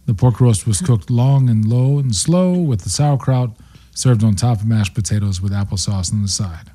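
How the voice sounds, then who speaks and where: Mellow-voiced male radio host. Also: on the low side, moderate pace. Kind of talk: radio talk show hosting.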